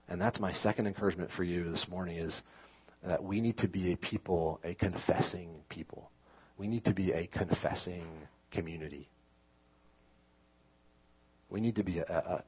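Man, pastor, sermon, low voice, husky, slightly lo-fi recording. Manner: conversational, self-correcting, rises into emphatic scripture reading.

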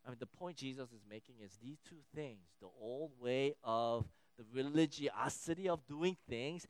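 A man preaching a sermon in a conversational, animated way, with frequent fillers and restarts. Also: medium pitch, normal speed. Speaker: pastor.

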